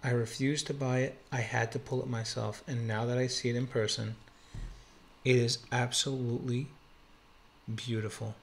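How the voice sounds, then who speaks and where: At home in a quiet room, a man with a gravelly, medium-pitched voice opens trading card packs for his channel, calling out each card and exclaiming over a rare pull. He speaks at normal speed in a level tone, and there's slight background noise.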